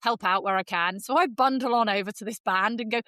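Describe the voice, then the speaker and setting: A woman with an English accent, co-hosting a podcast and telling a story in casual, lively chat, jumping into high voices for quotes. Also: a little fast, dry recording. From England. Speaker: podcast co-host.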